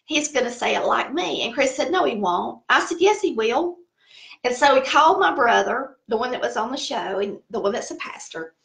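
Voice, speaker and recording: Animated and a little gravelly, a middle-aged woman with a Southern American accent chats casually at normal speed, telling stories and laughing at herself. She's a cooking channel host from the Southern United States, and her fairly high, slightly bright voice echoes in the room.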